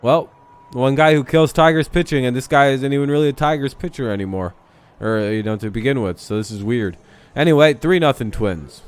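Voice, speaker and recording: Male streamer, smooth voice, casual profane game-watch chatter, blunt. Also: mid-range voice, brisk. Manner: blunt, swears freely, laughs at his own jokes. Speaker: live stream host. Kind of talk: casual profane sports watch-along chat.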